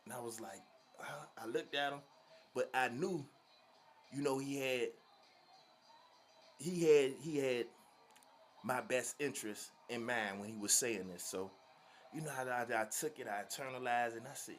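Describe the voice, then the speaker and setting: A man from Virginia telling a story to his viewers in a slangy, animated, laughing way. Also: mid-range voice, moderate pace, pauses often. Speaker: vlogger. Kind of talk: casual storytelling.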